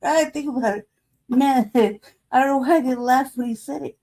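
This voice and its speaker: A woman in her forties hosts a casual livestream, her high, slightly mellow voice moving at a moderate pace. She tells a rambling story packed with laughter and swearing.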